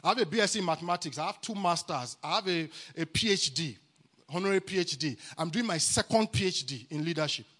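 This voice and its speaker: A man with a Nigerian accent preaching a sermon at a church camp meeting, exuberant and calling for responses, at times rising to shouts. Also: fairly high pitch, lively intonation, fast talker. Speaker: guest preacher.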